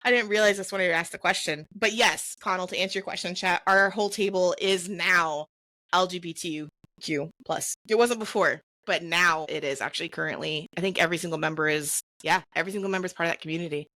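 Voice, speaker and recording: A woman's voice: lowish voice, fast, sharp tone, dry recording. A woman co-hosting a casual live-streamed podcast, chatty and enthusiastic, with lots of "like" fillers; English is not her first language. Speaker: podcast co-host.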